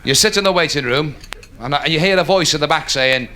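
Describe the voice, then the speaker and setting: A man doing a live stand-up comedy routine, telling stories animatedly and dropping into quick put-on voices. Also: fairly high pitch, bright, forceful tone, a faint crowd. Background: audience laughter.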